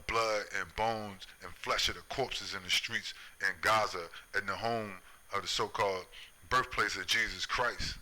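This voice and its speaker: A man's voice: on the low side, sharp tone, rough recording. A man giving an impassioned religious commentary monologue in a preachy way, often asking "right?" and building to an angry, raised voice.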